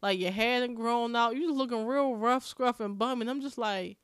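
A woman's voice: a little high, normal speed, smooth, dry recording, studio quality. A young woman from Maryland co-hosting a podcast, chatting casually and bluntly, telling stories and cursing freely. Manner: blunt, storytelling, curses freely. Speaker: podcast co-host. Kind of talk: casual chat.

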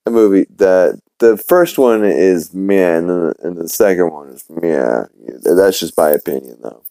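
Low, mellow-voiced man rambling casually. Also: expressive, unhurried, no echo. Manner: rambling, with many fillers and restarts; swears casually. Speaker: podcast host. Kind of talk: casual episode recap.

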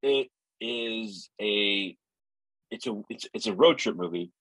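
A man co-hosting a casual movie podcast, relaxed and teasing, with easy asides. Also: fairly low pitch, slow, no echo, rough recording. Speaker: podcast co-host. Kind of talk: casual movie-discussion chat.

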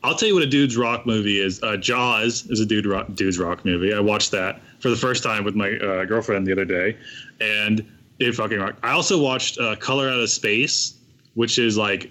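A young man chatting casually on a podcast, rambling and profane as he tells animated stories. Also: lowish voice.

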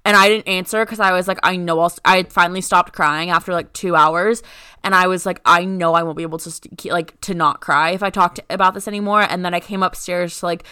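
Young woman, podcast co-host, casual chat, smooth clear voice, dry sound. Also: on the low side, fairly even intonation, quick pace, pushed and bright, dry recording. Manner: rambling, heavy use of "like".

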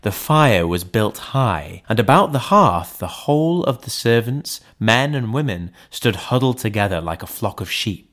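Guy reading an old novel aloud, kinda low voice, slow and careful. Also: expressive, fairly bright tone. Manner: measured, deliberate reading. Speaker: audiobook reader. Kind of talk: scripted narration.

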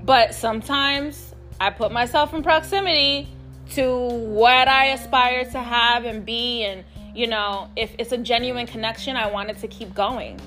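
Faint music plays as a New York City woman shares a personal story on her podcast, her voice fairly high, sharp, and a little slow. The casual monologue is candid, emphatic, and full of profanity, aimed directly at listeners she calls "y'all."

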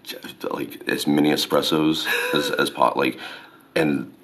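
A man's voice: a bass voice, fairly even intonation, unhurried, vocal fry, a bit bright. An American man, an actor being interviewed, talking in a rambling, casual way packed with fillers like "you know" and "like.".

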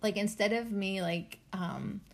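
A woman's voice: mid-range voice, fairly even intonation, unhurried. A woman hosting a casual solo podcast, chatty and bubbly, rambling with lots of fillers and little giggles. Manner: loose, rambling talk with many fillers. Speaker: podcast host.

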